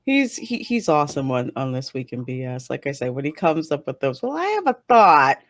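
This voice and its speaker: A woman's voice: rumbling low, sing-song, brisk, no echo, studio quality. A woman with a Northeastern American accent hosting a casual interview, chatty and laughing often as she acts out what people say. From northern United States. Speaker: interview host. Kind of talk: casual online interview chat.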